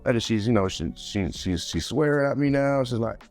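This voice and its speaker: A man's voice: mid-range voice, fairly quick, faint music behind. A man talking casually as an interview guest, rambling and repeating words. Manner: rambling, repeats words, animated when quoting others. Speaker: guest father.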